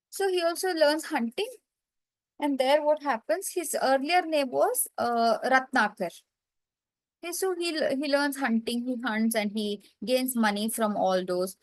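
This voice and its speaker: A woman retells a scripture story for learners in simple, explanatory steps. Her voice sits high and sounds close and dry. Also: no echo, poor audio. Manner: simple, explanatory, many "okay"s and pauses. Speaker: storyteller teacher.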